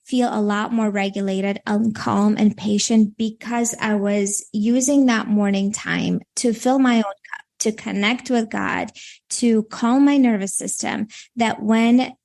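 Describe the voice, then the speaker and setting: A woman's voice: mid-range voice, fairly even intonation, a little slow, creaky, a little mellow. A woman in her thirties with a Minnesota accent, born in Latvia, speaking as a guest coach in a podcast interview and rambling with many fillers.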